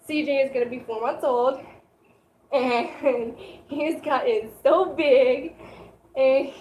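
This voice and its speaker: A woman's voice: high voice, a little mellow. A young woman telling a personal story in a casual, chatty way, laughing often and saying "like" a lot. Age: young adult. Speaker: vlogger. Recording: echoey room with faint noise.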